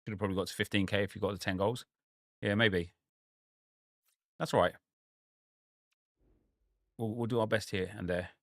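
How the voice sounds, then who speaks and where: Laid-back streamer, dry mic. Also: male voice, on the low side, normal speed, long pauses, dry recording. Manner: relaxed, chatty, reacting to the match and to viewers. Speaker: gaming streamer. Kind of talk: casual live gameplay commentary.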